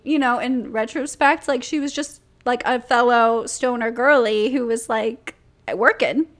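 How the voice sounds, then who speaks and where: A young woman in her twenties co-hosting a podcast, telling a story in a casual, animated, giggly way with lots of "like". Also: fairly high pitch, measured pace. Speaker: podcast co-host.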